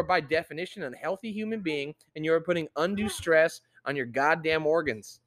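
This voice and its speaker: A young man hosting a casual podcast, swearing constantly and ranting with loud outbursts. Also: a little high, brisk, hardly any pauses. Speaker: podcast host.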